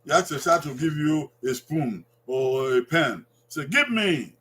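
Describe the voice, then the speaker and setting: A Nigerian-accented man teaching a language lesson with a high-pitched voice. He speaks at an unhurried pace, repeating each word and drawing it out so learners can follow. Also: expressive, a bit bright. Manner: repeats words slowly, drawing them out for learners.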